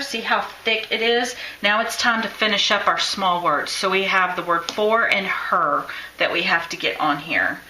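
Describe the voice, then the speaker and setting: A woman's voice: medium pitch, normal speed, few pauses, sharp tone, slight background noise, poor audio. A woman teaching chalk lettering on a live stream, chatting and encouraging as she works. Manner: chatty, encouraging, talks while working. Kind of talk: live-stream drawing tutorial.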